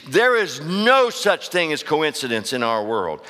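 A man preaching a sermon to his church. He swings from loud, impassioned outbursts to hushed asides and keeps asking the congregation rhetorical questions. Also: fairly high pitch, sing-song, a little slow. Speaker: pastor. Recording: long reverb of a large hall.

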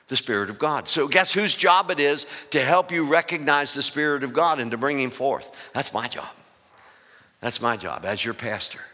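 A man's voice: mid-range voice, sharp tone. A male pastor preaching a sermon, asking the congregation questions and building emphasis. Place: church sanctuary. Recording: long church reverb.

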